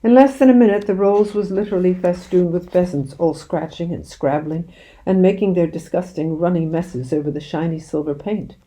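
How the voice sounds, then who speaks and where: A woman reading a children's book aloud in an expressive storytelling manner. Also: lowish voice, normal speed. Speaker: reader.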